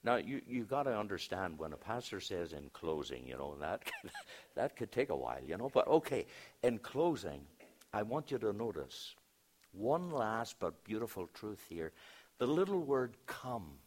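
A man preaching a sermon as a pastor, telling a story in a storytelling way, hushing his voice and then rising for emphasis. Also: lowish voice, sing-song, moderate pace.

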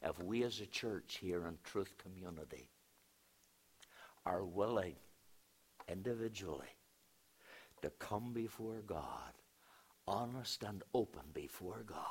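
A man preaching a sermon as a pastor, telling a story in a storytelling way, hushing his voice and then rising for emphasis. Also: deep voice, lively intonation, takes it slowly, pauses often, breathy edge.

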